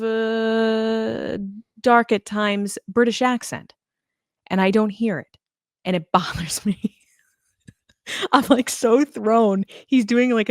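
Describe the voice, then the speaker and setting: American woman podcast co-host, low-pitched, dry close sound, chatty and animated. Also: no room sound. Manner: chatty, animated, laughs often. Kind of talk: casual chat.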